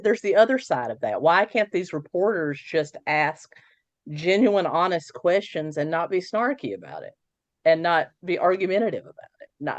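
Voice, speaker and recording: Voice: mid-range voice, no echo. A blunt, outspoken speaker in a casual political chat with a mid-range voice. The sound is dry and dull, with a lo-fi quality. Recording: dull lo-fi audio.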